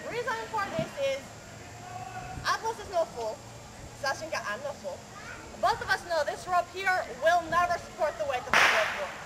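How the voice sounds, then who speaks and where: A woman's voice: very high voice, big pitch swings, moderate pace. A woman doing a comic slackrope show at a renaissance faire, telling a tall tale with theatrical patter and teasing the audience. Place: outdoor fair stage with a crowd. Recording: noisy outdoor crowd recording.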